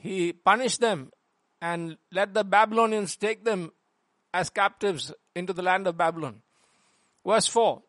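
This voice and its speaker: Man, high voice, pastor preaching, measured and deliberate, dry close sound. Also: fairly bright tone, no room sound. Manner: measured, slows and lifts voice on scripture quotes. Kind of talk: sermon with prayer and scripture reading.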